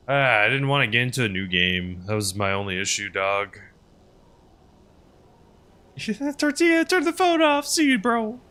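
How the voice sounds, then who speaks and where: Bright-voiced, chatty male streamer. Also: lowish voice, clear, resonant tone. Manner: rambling, chatty, answers chat messages aloud. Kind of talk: casual live-stream chat.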